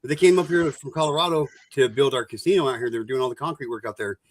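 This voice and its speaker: A man's voice: mid-range voice, racing. Boastful, swearing man telling stories. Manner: boastful storyteller, swears freely. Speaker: streamer. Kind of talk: casual chat.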